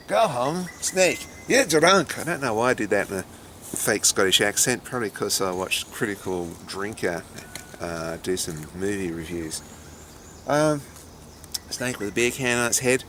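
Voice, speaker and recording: A man's voice: fairly low pitch, moderate pace, pushed and bright, a little hiss or hum. A middle-aged man with an Australian accent, a snake handler giving chatty, dry vlog commentary.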